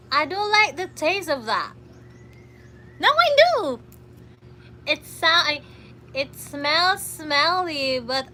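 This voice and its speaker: A woman's voice: high-pitched, pushed and bright, a little hiss or hum. A woman with a Filipino accent chatting casually on a livestream, reading comments aloud and giggling often. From Philippines.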